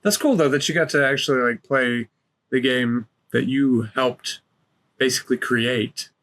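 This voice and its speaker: A man's voice: medium pitch, a little slow, a bit bright. A man hosting a podcast, talking casually and laid-back with jokey asides. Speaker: podcast host.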